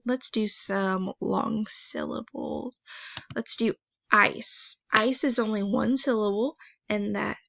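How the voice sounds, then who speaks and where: A woman teacher explains an online assignment to her students, gentle and encouraging as she clicks through each step. Her voice sits a little high with a gravelly fry. The recording is dry and a bit dull, like a computer mic in a small room. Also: no echo. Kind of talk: recorded online lesson walkthrough.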